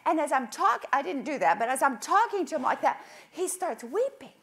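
Passionate woman preacher, whispering then loud. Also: high-pitched, sing-song, normal speed. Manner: passionate, swings from hushed whispers to loud outbursts; storytelling with quoted prayers. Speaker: conference speaker. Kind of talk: sermon. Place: conference stage.

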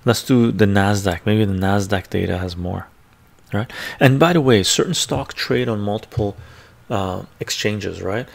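Creaky and fairly low-pitched, a man's voice comes through an ASMR-style close mic as he hosts a finance video. Speaking a little slowly, he offers casual screen-share commentary on the stock charts he browses, thinking aloud and often muttering to himself.

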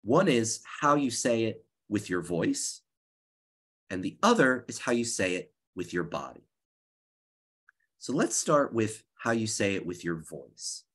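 A man with a head cold, hoarse, giving an earnest workshop talk over a video call and often restarting his phrases. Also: fairly low pitch, very animated, a little slow, a bit bright. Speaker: speech contest coordinator. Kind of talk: workshop presentation.

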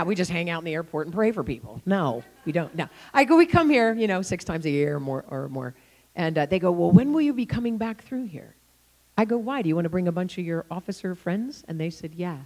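A woman preaching in a church, telling a story with acted-out quotes and frequent laughter. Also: on the low side. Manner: animated, acts out quotes, laughs often. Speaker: guest speaker. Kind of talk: sermon storytelling.

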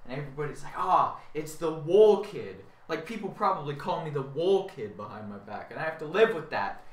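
A man's voice: fairly high pitch, expressive, fast talker. A young man rambling in a whiny, self-mocking rant, repeating himself as he complains. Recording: echoey room, far from mic.

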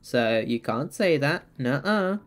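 Streamer, man, rambling and giggly, unhurried delivery, light music in the background. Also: medium pitch, expressive. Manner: rambling, giggly, chatting to viewers. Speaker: game streamer. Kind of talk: casual live-stream chat while playing.

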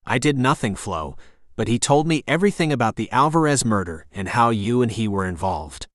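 A man's voice: mid-range voice, animated, a little fast, no echo, clean studio sound, close to an everyday voice. A male audiobook narrator voicing a tough young male shifter detective who speaks bluntly and confrontationally.

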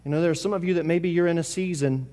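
A man preaching a church sermon in a high, reaching voice, hammering phrases again and again. He swings from loud, pressing bursts down to near-hushed words. His voice rings with the long reverb of a church hall. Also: fast talker. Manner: impassioned preaching with repetition and sudden swings between loud and hushed. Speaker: pastor. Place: church service.

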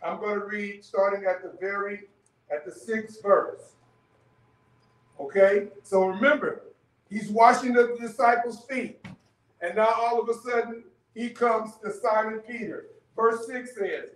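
A man leads a church Bible study in a loose, conversational way, stopping often to ask "okay?" His voice sits high. He is heard from a distance, and the room echoes around him. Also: fairly even intonation, unhurried. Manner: conversational teaching, frequent "okay?" checks. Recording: echoey room, mic far off.

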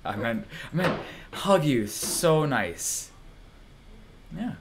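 A man streaming a game, who breaks into yelling rage and then insists in a forced, sarcastic calm that he is not mad. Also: a little high, very slow, long pauses, noisy background. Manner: sarcastic mock-cheerful muttering. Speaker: gaming streamer. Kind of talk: livestream gameplay commentary.

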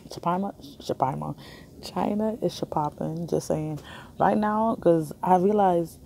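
A woman's voice: lowish voice, measured pace, creaky, dark tone, a little hiss or hum. A young woman chatting casually on a phone vlog in a hospital waiting area, rambling and laughing often. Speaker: vlogger. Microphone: phone camera held in hand.

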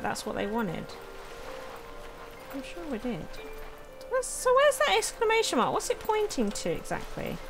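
A woman hosting a let's play, chatting casually and thinking aloud as she plays, with frequent exclamations. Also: high voice. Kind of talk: casual game commentary.

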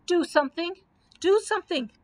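A woman voicing an excitable young girl in a storybook read-aloud, pleading and urgent. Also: a little high, fast talker.

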